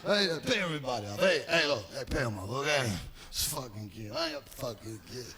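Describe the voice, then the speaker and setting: A boisterous older male gangster, acted out by a man on stage, roaring with amusement and then growling orders in a low, rough voice. He is bossy and profane, and the whole voice swings through big shifts in pitch. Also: animated, a little fast, crowd noise, natural voice. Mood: gruff, bossy. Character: loud, amused older male mobster boss.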